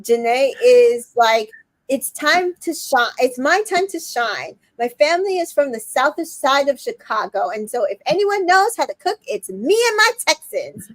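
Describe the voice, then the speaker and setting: A woman with a high voice chats through a reality show recap. She quotes the cast in quick little voices, and the sound is dry and close to the mic. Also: expressive, no echo. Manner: retells scenes quoting the cast in quick voices, many fillers. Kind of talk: casual recap chat.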